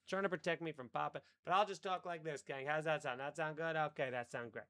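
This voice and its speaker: A man's voice: fairly high pitch, fast, a bit bright, dry recording, clean studio sound. A man chatting casually on a live stream, rambling to his chat while adjusting his microphone settings. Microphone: desk microphone.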